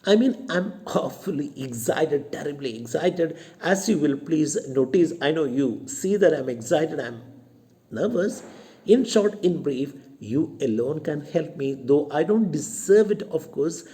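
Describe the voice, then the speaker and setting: A man's voice: fairly high pitch, expressive, measured pace, dark tone. A man with an Indian English accent reading the part of a nervous, timid young male suitor who speaks in a hesitant, stumbling, apologetic way.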